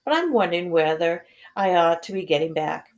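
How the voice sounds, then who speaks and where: A woman's voice: lowish voice, animated, fairly quick, darkish tone. A woman voicing a curious young schoolgirl who sounds earnest and a little puzzled.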